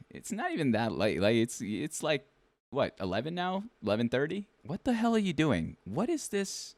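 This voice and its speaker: A man hosting a casual talk show with a lively, swinging pitch. He rambles and restarts as he teases his guest. The sound is dry and close. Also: normal speed, no echo. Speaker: podcast host. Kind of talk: casual chat.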